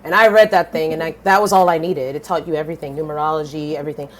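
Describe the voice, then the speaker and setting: A woman in her thirties, a podcast guest telling her story in a lively, blunt way, swearing casually and switching voices when she quotes people. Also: rapid-fire. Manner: animated, swings pitch widely when quoting others.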